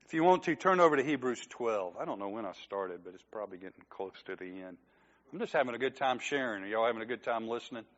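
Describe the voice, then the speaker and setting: A man's voice: mid-range voice, expressive, fast, muffled recording. A man preaching a sermon as pastor, talking conversationally, joking with the congregation and acting out quoted lines.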